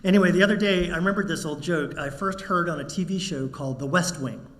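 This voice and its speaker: A man preaching a sermon to his congregation, measured and wry, telling a joke before turning serious. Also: a little high. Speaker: minister.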